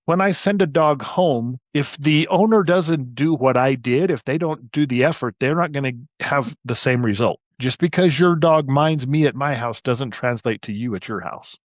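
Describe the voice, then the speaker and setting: A man's voice: mid-range voice, dry recording. Man telling stories, dry dull audio. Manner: storytelling, animated anecdotes. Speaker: podcast guest, side hustle coach. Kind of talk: casual interview talk.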